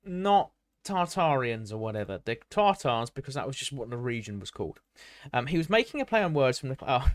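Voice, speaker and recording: A man's voice: medium pitch, big pitch swings, a little fast, no echo. A man streaming live, reading a history article aloud and breaking off to chat with viewers. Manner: reads aloud with many restarts and asides; chatty, answers live chat.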